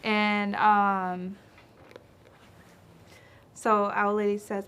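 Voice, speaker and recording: A woman storyteller telling a traditional tale in a relaxed, chatty way with playful asides. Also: medium pitch, moderate pace, slight background noise. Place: library.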